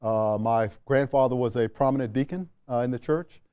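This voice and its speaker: A man from Washington, D.C. recounts his past in a relaxed, mellow voice, sitting as a guest in an interview. He speaks at a middling pitch, unhurried, with frequent fillers and restarts. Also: clear, resonant tone. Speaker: interview guest, retired general. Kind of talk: reflective storytelling.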